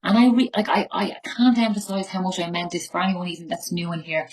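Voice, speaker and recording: Woman, forties, Tipperary Irish accent, low voice, emotional, blunt, swears, recovery share. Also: steady tone, a little fast, hardly any pauses, low-quality recording. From Ireland. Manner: raw, candid, emotional, swears freely. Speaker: recovery meeting speaker. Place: her bedroom at home.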